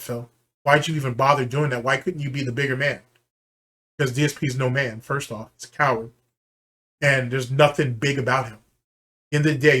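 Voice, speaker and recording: A man's voice: a little high, fairly bright tone. A man hosting a commentary channel, ranting in a heated, profane and scornful way while reacting to a clip.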